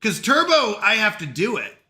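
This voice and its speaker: A man's voice: sits high, wildly swooping pitch, moderate pace, sharp tone. A man with a Canadian accent, chatting frantically to himself and his stream while playing a game. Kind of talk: live-stream gameplay chat.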